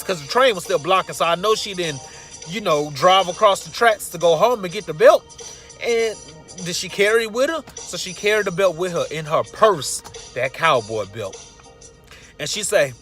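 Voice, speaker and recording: A man's voice: high voice, moderate pace, faint music behind. A man casually telling a funny personal story and acting out the people in it. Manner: casual and animated, acting out the quotes.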